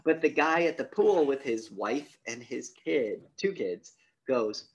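A man's voice: medium pitch, slow pace, rough recording. A man co-hosting a podcast, casually retelling a film's plot and acting out its lines. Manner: animated retelling, acts out quotes. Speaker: podcast co-host. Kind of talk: casual movie review chat.

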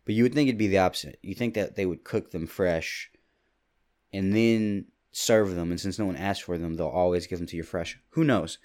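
Deep-voiced young man rambling casually. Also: a little mellow. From Kentucky. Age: 20s. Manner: rambling, jokey, quick asides. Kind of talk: casual solo monologue. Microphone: studio mic with pop filter.

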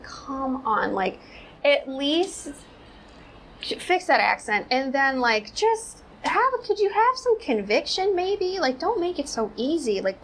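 A woman's voice: a little high, a bit bright, a little hiss or hum, rough recording. A woman hosting a casual commentary show, rambling and sarcastic, full of "like" fillers. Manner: rambling, sarcastic, heavy use of "like".

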